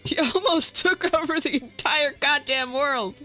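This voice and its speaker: Woman, art streamer, casual chatty talk, laughing, desk mic, soft music underneath. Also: sits high, a little slow. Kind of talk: casual chat while drawing. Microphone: desk mic without pop filter.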